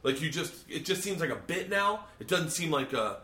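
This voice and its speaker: A man hosting a podcast, telling a long story in casual chat, swearing a lot and rambling with animated energy. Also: on the high side, a little fast. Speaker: podcast host and comedian. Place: hotel room. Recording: roomy hotel room echo.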